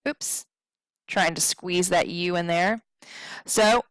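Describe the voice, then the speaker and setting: A woman's voice: on the low side, slow pace, pauses often, no echo, poor audio. A woman teaching poetry meter in a recorded tutorial, explaining patiently, checking in with "okay?" and drawing out words to show stress. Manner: draws out words to demonstrate stress.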